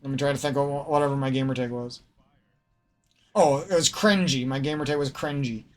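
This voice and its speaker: A gaming streamer with a slightly nasal Midwestern American accent rants through a rambling, profane vlog, cutting himself off mid-sentence. His mid-range voice is brisk, with fairly even intonation.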